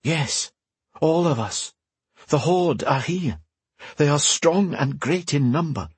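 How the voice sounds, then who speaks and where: A man voicing a mystic woman who speaks into another's mind, pleading and hurried. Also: fairly high pitch, animated, slightly rough, dry recording, pitched above the performer's own voice, heavily acted.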